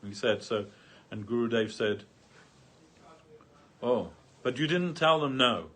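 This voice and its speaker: A man's voice: medium pitch, lively intonation, slow, a bit bright. A man speaking at a devotional gathering, telling a long anecdote through many quotes, with frequent fillers and restarts. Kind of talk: storytelling talk.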